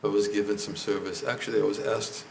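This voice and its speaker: An older man giving a temple lecture, hoarse and losing his voice, speaking haltingly and often clearing his throat. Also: on the low side, level tone, slight background noise. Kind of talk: lecture to a congregation. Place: temple hall.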